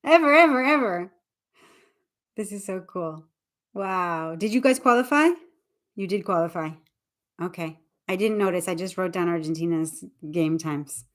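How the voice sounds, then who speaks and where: A woman English teacher chatting casually on a livestream, talking quickly and interrupting herself as she speaks to viewers. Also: fairly low pitch. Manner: fast, chatty, self-interrupting, talks to viewers.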